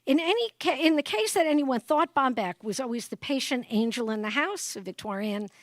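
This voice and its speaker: A woman's voice: high voice, lively intonation, brisk, no echo. A woman giving a humorous public address as a guest speaker, telling comic stories and often checking in with the audience. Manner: jumps into exaggerated voices for quotes. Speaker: guest speaker at an exhibit opening.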